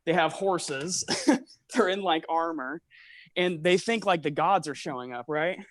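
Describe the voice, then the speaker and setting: A man's voice: fairly high pitch, a little slow, fairly bright tone. A man talking casually on a call, rambling with lots of fillers and restarts, a little out of breath from walking. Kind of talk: casual conspiracy chat.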